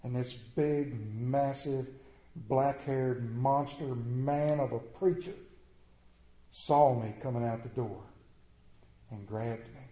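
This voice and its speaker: A man voicing a humble older mountain man who quietly recounts a hard childhood, speaking low and confiding. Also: steady tone, slow, reverberant, natural voice, rough recording. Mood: wistful. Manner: low, hushed, confiding storytelling.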